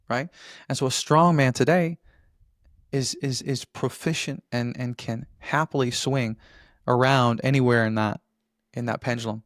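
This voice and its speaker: A man's voice: medium pitch, fairly even intonation, moderate pace, dry recording, studio quality. A man as a podcast guest, talking earnestly in a casual interview and often restarting his phrases.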